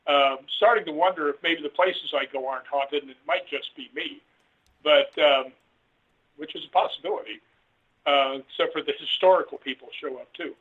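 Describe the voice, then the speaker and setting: A man, a guest author, rambling through an animated story and voicing the people in it. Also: on the high side, moderate pace, husky. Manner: rambling, animated retelling with voiced quotes. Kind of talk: casual storytelling interview. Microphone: phone call. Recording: tinny phone line.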